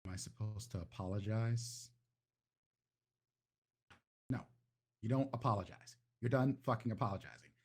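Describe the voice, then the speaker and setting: A raging little vampire songstress, as a man puts her on in a tabletop game, her voice shooting up high and loud as she rants and curses. The husky grain of the voice shows through. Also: moderate pace, long pauses. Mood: furious. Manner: ranting, swearing, shrill outbursts. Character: tiny furious young woman vampire singer.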